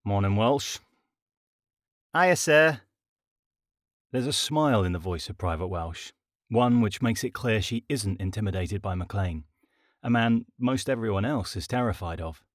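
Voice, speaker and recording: A man narrating his own comic audiobook in a wry, deadpan style. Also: fairly low pitch, normal speed, no room sound, clean studio sound. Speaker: author and narrator. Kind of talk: scripted comedic audiobook narration.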